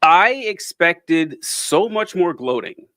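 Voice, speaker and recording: A man in casual political chat, often incredulous and quick to laugh. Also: high voice, big pitch swings, bright, forceful tone, no echo. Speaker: political commentator.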